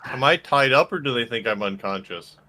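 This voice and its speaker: A man's voice: medium pitch, animated, a little fast, sharp tone. A man playing in a tabletop game, asking the game master questions casually. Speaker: player.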